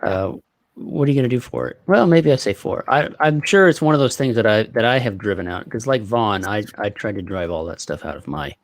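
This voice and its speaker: A man in casual conversation, explaining and quick to agree. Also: lowish voice, animated, no echo. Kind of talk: casual chat.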